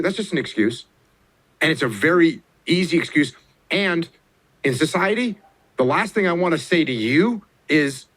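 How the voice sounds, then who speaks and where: A middle-aged man giving motivational advice in a blunt, repetitive way, jumping up in pitch to stress key words. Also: animated, normal speed, fairly bright tone. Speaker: former military officer giving advice. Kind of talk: emphatic motivational talk.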